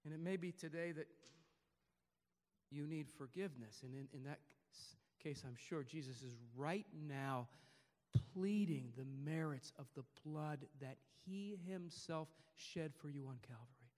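A man preaching a sermon to his congregation, rising to loud emphatic peaks and dropping to quiet, hushed passages. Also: on the high side, measured pace, long reverb tail. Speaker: pastor. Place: church service before a congregation.

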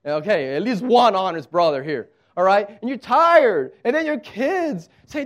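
A man's voice: high-pitched, very animated, unhurried, highs cut off. A man preaching a sermon as pastor, conversational and emphatic, with touches of humor.

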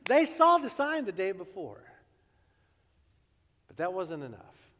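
A man preaching a sermon as pastor, expressive and acting out the quotes he reads, recorded with long reverb in a large hall. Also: high voice, moderate pace.

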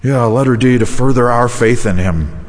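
A man's voice: medium pitch, moderate pace, long reverb tail. A man preaching a sermon as pastor, telling stories with self-deprecating humor and acting out quotes. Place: church sanctuary.

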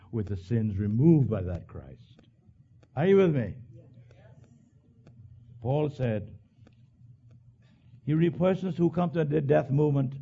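A male pastor preaching a sermon, swinging from hushed low lines to loud high bursts. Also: lo-fi sound.

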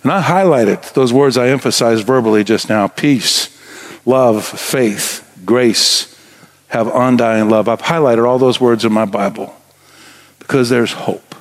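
A man's voice: mid-range voice, a little slow. A middle-aged man preaching a sermon as pastor in a church sanctuary, earnest and building to emphatic exhortation.

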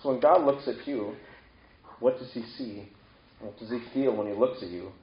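A man's voice: mid-range voice, moderate pace. A man gives a sermon in a loose, conversational way and keeps putting questions to his listeners. His voice rings in an echoey room, and the recording sounds dull and lo-fi. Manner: conversational preaching with rhetorical questions. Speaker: pastor.

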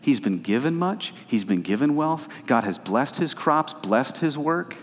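A man's voice: medium pitch, expressive, measured pace, big-room sound, slight background noise. A man preaching a sermon as pastor, conversational at times and rising to fervent emphasis.

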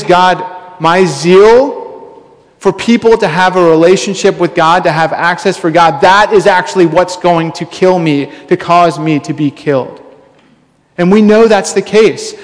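Male pastor, high-pitched, casual storytelling sermon delivery, heavy hall reverb. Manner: casual, storytelling, many fillers. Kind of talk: conversational sermon.

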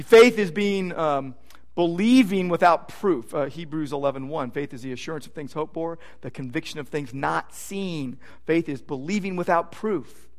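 A pastor preaches a sermon emphatically in a high-pitched voice, repeating phrases and swinging between loud declarations and hushed asides.

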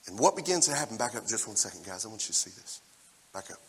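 A man in his forties preaching a lively sermon and talking straight to the congregation in a church hall. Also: on the low side, fast talker, a little hiss or hum. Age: 40s. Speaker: pastor. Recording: long church-hall reverb.

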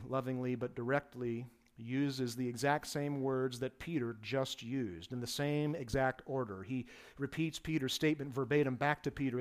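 A man preaching a sermon with emphatic delivery, swelling his voice for stress and dropping it low for asides. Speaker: pastor.

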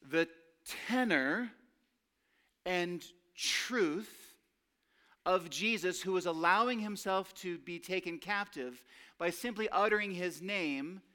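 A man preaching a sermon with earnest emphasis, lifting his voice on key phrases and dropping lower and slower to quote scripture. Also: sharp tone. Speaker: pastor.

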